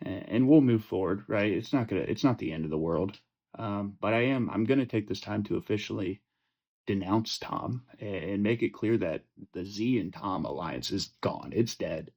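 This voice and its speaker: A man's voice: lowish voice, a little mellow. A young man hosting a casual fantasy football chat, profane and joking, rambling with lots of fillers and restarts. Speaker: fantasy football podcast host.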